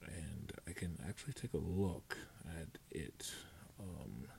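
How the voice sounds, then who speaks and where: A man's voice: deep voice, slow pace, creaky, darkish tone, a little hiss or hum. A young man rambling through a casual solo podcast, with many fillers and restarts. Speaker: podcast host.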